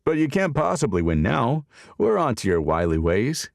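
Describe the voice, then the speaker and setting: A man voicing a dry-humored middle-aged adoptive father in an audiobook, deadpan and wry. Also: medium pitch, moderate pace, creaky, no room sound, pitched above the performer's own voice.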